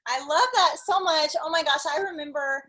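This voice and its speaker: Woman host, high pitched, emotional and laughing, casual call chat. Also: brisk, bright, forceful tone, low-quality recording.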